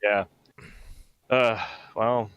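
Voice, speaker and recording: A man's voice: on the low side, steady tone, drawn-out words, fairly bright tone, clean tone, dry recording, lo-fi sound. A man co-hosting a casual podcast, teasing and sardonic while he talks about manga. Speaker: podcast co-host.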